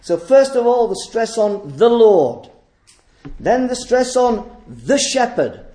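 Emphatic preacher in an echoey hall. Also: male voice, very high-pitched, sing-song, slow, warm tone. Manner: emphatic, rhetorical questions. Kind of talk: sermon.

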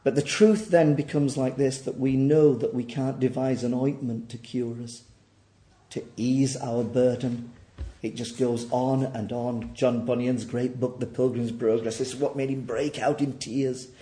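A man preaching a sermon in a church, dropping to quiet low asides and rising to loud, high, near-shouted peaks. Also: steady tone, a little slow, reverberant.

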